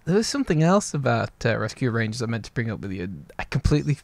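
A man's voice: mid-range voice, big pitch swings, fast talker, gravelly, no echo. A man co-hosting a casual talk show, rambling in an easygoing way. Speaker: podcast co-host. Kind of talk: casual chat.

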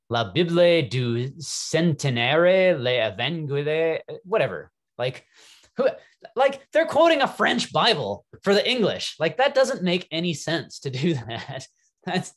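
A young adult man teaching a Bible class, animated and wry, thinking aloud as he goes. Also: fairly high pitch. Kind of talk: classroom lecture.

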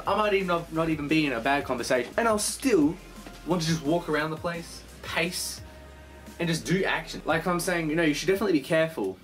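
A young man vlogging from his bedroom in a casual rambling monologue, animated, swearing a lot and acting out the voices of phone calls. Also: on the high side.

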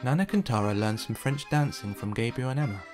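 A man calmly narrating a children's picture book aloud. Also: mid-range voice, fairly quick, over music. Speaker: storytime reader.

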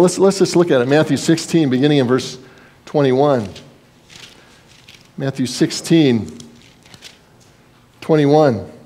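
A man's voice: on the high side, mellow. A man preaching a sermon as pastor, in a conversational style, acting out quoted voices and sometimes repeating words.

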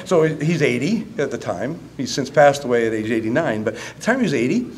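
A man's voice: medium pitch, a little fast, slight background noise. A man in his fifties, a school counselor, giving a humorous conference talk that turns earnest. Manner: animated storyteller, laughing, then earnest. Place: conference room.

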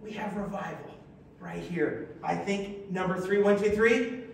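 A man preaching a sermon, reading scripture aloud and leading his congregation in call-and-response, lively and exclamatory, joking with the people in front of him. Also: high-pitched, measured pace, vocal fry, distant mic. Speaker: pastor. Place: church sanctuary. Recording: very echoey hall, voice from afar, faint hiss.

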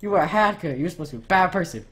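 Swearing, excitable woman gamer ranting. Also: on the low side, racing. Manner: excitable ranting, swears a lot, loud outbursts. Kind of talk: profane let's-play gameplay commentary.

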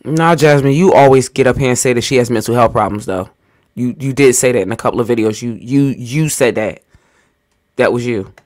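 A man hosting a casual reaction commentary, drawn-out and preachy as he calms things down. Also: mid-range voice. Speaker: commentary show host.

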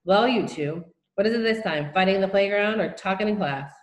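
A man's voice: high-pitched, brisk, echoey room, lightly acted. A woman voicing a stern, sarcastic male headmaster who scolds sharply, in a storybook reading. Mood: irritable.

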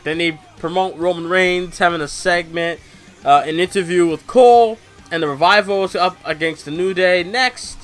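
Bright-voiced young man recapping casually. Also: high voice, moderate pace, soft background music. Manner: slangy, rambling, lots of fillers. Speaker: wrestling show reviewer.

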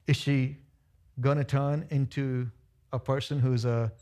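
A man pastor preaching a lively sermon to his church, acting out voices of the people in his stories. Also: medium pitch, unhurried. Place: church sanctuary.

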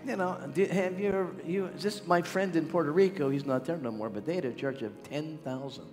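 An older man from the Pittsburgh area preaches a revival sermon as a healing evangelist, his brisk, somewhat high voice calling out to the crowd in exhortation. He's in a large church sanctuary, and the recording carries the reverb of the hall along with music.

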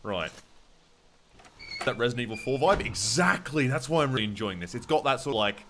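A man's voice: medium pitch, animated, fairly quick, a bit bright. Chatty Australian man gaming. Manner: chatty, swears, reads chat aloud. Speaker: gaming streamer. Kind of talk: casual gameplay commentary.

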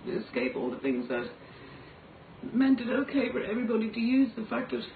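A woman's voice: fairly high pitch, very animated, fairly quick, creaky. Irish woman, raw and pleading, tinny echo. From Ireland. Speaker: singer making a personal video. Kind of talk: emotional confessional monologue. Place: motel room. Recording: echoey, distant, tinny phone-like audio with faint noise.

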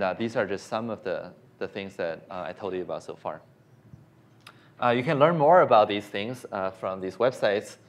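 A man giving a science lecture and answering questions, hesitant with frequent fillers and restarts. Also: fairly low pitch. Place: lecture hall.

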